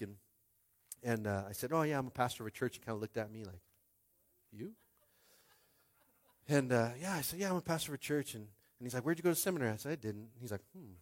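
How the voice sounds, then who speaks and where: A young man preaching a sermon as pastor, conversational and animated, calling out to the congregation. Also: medium pitch.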